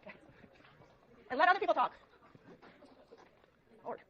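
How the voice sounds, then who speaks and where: A woman's voice: high voice, animated, fairly bright tone. A woman psychology lecturer teaching a university class, coaxing students with frequent okays. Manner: brisk, coaxing, many okays. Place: large lecture hall. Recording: dull lo-fi lecture recording.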